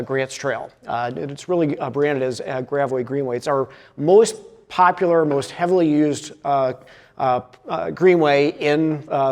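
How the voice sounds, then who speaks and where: Long reverb follows this man's fairly high voice as he presents in a conference hall, stumbling over many uhs and restarts.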